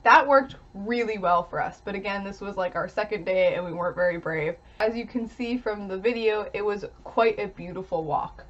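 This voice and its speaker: A woman's voice: medium pitch, moderate pace, few pauses, a bit bright, dull audio. A young woman, talking casually to camera while eating, chatty with little giggles. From Canada. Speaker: vlogger.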